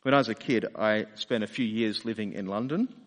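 A man's voice: on the low side, a little fast, long reverb tail. A man preaching a sermon in a conversational way, often asking rhetorical questions. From Australia. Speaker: pastor.

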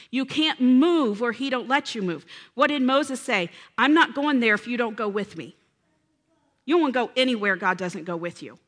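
A woman delivering a sermon with a bright, ringing voice that sits a little high. She preaches earnestly and with feeling, often turning to her listeners for an answer. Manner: earnest, emotional, addresses congregation with call-and-response. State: close to tears.

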